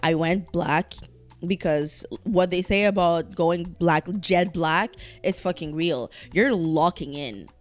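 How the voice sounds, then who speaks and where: Woman, podcast host, lowish voice, casual rambling chat, swears freely, restarts sentences, faint music behind. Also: slow pace.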